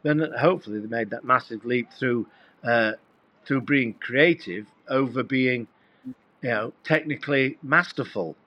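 A man's voice: mid-range voice, measured pace, no room sound, lo-fi sound. A middle-aged man, a guest musician, telling rambling anecdotes in casual conversation with many fillers and restarts.

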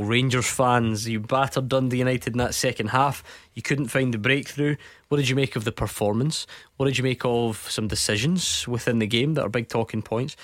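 A man presenting a football phone-in on the radio, firing off questions to draw in callers. His voice sits at an ordinary middle pitch and sounds close and dry in the studio, with no room around it. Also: dry recording. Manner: brisk, prompting callers with questions.

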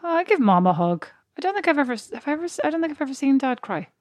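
A woman's voice: sits high, very animated, racing, dry recording, studio quality. A woman in her thirties co-hosting a podcast, telling stories in a chatty way and laughing at herself. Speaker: podcast co-host. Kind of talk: casual chat.

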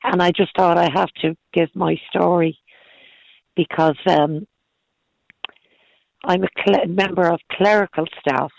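A hoarse middle-aged woman calling in to a radio show, talking in halting, earnest bursts that repeat words. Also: on the low side, fairly even intonation, a little mellow, no echo, poor audio. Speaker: caller. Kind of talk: phone-in radio call.

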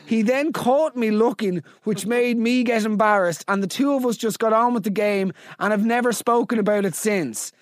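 A man hosting a comedy podcast, reading out listener stories with incredulous, animated energy. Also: sits high, moderate pace, few pauses, dry recording, clean studio sound. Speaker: podcast host.

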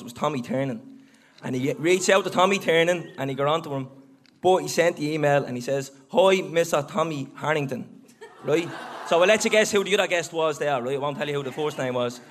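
An Irish man co-hosting a live podcast, telling joking anecdotes with swearing. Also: fairly high pitch. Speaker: podcast co-host. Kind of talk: live podcast banter with audience. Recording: live show with crowd and noise.

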